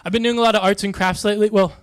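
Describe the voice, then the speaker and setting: A man doing stand-up comedy, delivering deadpan one-liners in a dry, soft-spoken way. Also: sits high, rapid-fire, clean tone.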